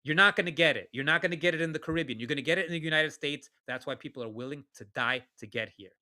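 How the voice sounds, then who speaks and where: A man's voice: a little high, rapid-fire, bright, forceful tone. A man co-hosting a talk show, ranting bluntly and cursing as he gives heated political commentary. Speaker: podcast co-host.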